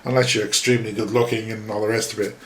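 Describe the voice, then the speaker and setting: A man's voice: on the low side, little pitch movement, fast talker, fairly bright tone, echoey room, slight background noise. A man hosting a solo podcast, talking casually in a rambling, self-deprecating way with many fillers. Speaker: podcast host.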